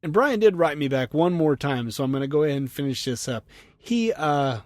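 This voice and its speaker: A man's voice: a little high, expressive, a little fast, a little mellow, no room sound, clean studio sound. A man hosting a trucking podcast, chatting casually through listener mail, laughing often and leaning on "you know" fillers. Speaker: podcast host and truck driver.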